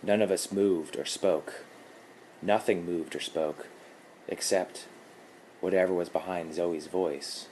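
Low male narrator, slow and measured, horror story reading. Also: steady tone, a little mellow, slight background noise.

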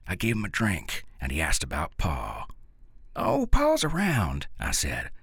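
Brief: male narrator, deep and husky, folksy deadpan storytelling, dry close mic. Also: moderate pace, no echo. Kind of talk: storytelling reading in folksy dialect.

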